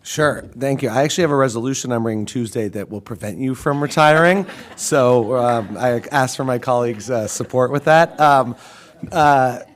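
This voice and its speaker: A man, a board member, giving a warm, joking tribute at a public meeting, with many fillers. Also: medium pitch, normal speed.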